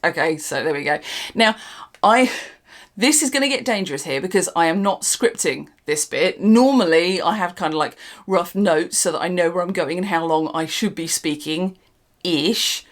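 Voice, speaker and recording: A woman's voice: lowish voice, moderate pace. An older woman, hosting an unscripted casual product review in a rambling, dry and sarcastic way. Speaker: channel host reviewing products.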